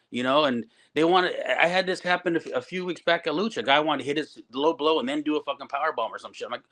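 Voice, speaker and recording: A man's voice: on the high side, quick pace. A middle-aged man, a veteran wrestler and promoter, ranting with heavy swearing in a casual podcast chat. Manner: profane, ranting, animated.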